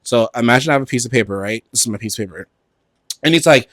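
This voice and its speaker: A man's voice: medium pitch, quick pace, no room sound. A man, co-hosting a podcast in a casual, profane, campy rant. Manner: animated, profane, campy, switches into mocking voices. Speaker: podcast co-host.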